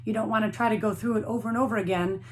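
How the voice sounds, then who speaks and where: A woman's voice: mid-range voice, fairly even intonation, very fast. A woman teaching a flute lesson to young students, explaining patiently and encouragingly, step by step.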